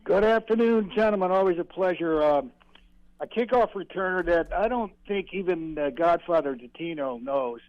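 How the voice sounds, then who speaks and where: A man's voice: high voice, normal speed, no echo. Older male caller on a muffled line. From Virginia. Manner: reminiscing, friendly. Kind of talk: phone-in chat.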